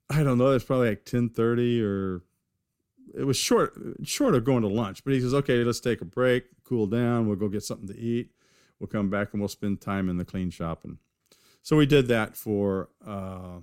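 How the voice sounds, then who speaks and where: A man's voice: medium pitch, moderate pace, a little mellow, clear, resonant tone, no room sound, studio quality. A man from California, a knifemaker guest, telling long rambling stories in a casual interview, full of fillers and restarts. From California, USA.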